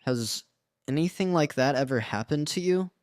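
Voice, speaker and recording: A man's voice: fairly high pitch, lively intonation, moderate pace, no room sound, clean studio sound, natural voice. A man voicing a shy, earnest teenage grandson in a scripted story.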